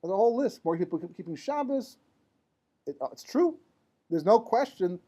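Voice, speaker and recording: Mellow-voiced rabbi giving a class. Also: male voice, high voice, expressive, normal speed. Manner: conversational, asks rhetorical questions and checks in with "right?"; mixes Hebrew and Yiddish terms into English. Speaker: rabbi teaching a Torah class. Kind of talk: informal lecture to a live class.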